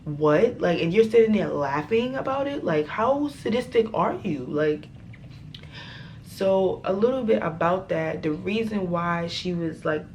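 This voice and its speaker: A young woman vlogger telling a storytime tale in a dramatic, profane, animated way. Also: lowish voice, a little slow, slight background noise. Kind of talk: storytime vlog.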